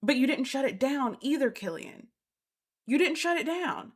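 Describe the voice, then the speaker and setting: A woman's voice: high-pitched, expressive, normal speed. A woman hosting a casual reality TV recap, talking bluntly and repeating her points for emphasis. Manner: blunt and exasperated. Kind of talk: casual opinionated commentary.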